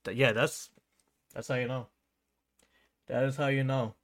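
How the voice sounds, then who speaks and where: A man's voice: mid-range voice, steady tone, measured pace, dry recording, studio quality. A man co-hosting a political podcast who chimes in with short questions and agreement. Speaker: podcast co-host. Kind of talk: casual political chat.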